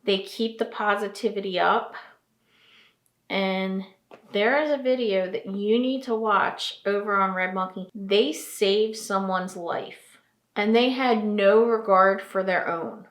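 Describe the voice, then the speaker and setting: A woman from New Jersey giving a heartfelt vlog monologue, slow and earnest, repeating phrases for emphasis, tearful and emotional. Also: mid-range voice, a bit bright, echoey room. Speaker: trucking vlogger.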